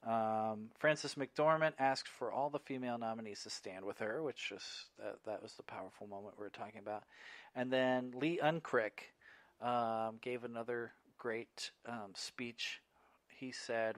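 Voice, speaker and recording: Speaking a little slowly in a medium-pitched voice, this podcast co-host chats casually, teases his partner with wry remarks and reads out contest results. There's no room sound in the recording.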